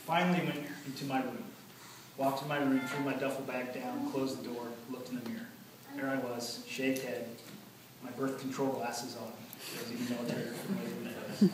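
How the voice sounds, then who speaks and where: A man giving an earnest memorial speech about his late father, telling stories with many pauses. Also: mid-range voice. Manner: earnest, storytelling, pauses often. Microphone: far from the recording mic. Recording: echoey hall from far off, noisy.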